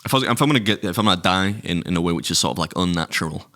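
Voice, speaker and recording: A man's voice: sits low, lively intonation, rapid-fire, a bit bright. A man co-hosting a podcast, chatting casually and rambling as he corrects himself. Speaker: podcast co-host. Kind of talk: casual chat.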